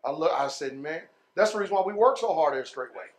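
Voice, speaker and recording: Man, pastor, high-pitched, fiery sermon, drawn-out words, sudden shouts, folksy. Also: expressive. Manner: folksy, calls the congregation y'all and man.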